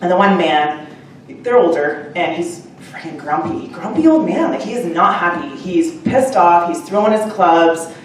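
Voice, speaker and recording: A woman with a fairly low voice tells a live audience, in a chatty and animated way, about her short story, with plenty of fillers and asides. She is heard from some way off the mic in a very echoey upstairs room, with faint ambience behind her. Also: moderate pace, recorded from a distance, slight background noise. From Canada. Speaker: short story author at a book launch.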